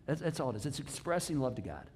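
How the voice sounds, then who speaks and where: A middle-aged man, a pastor, giving a conversational sermon with lively asides and frequent restarts. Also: mid-range voice, fast, breathy edge. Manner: animated and chatty, with many restarts and asides.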